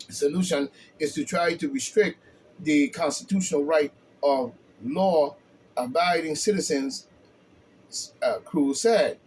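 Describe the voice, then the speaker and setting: A man giving blunt, heated opinion commentary, often stumbling and restarting, with a steady stream of filler phrases. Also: fairly high pitch, a little hiss or hum, rough recording.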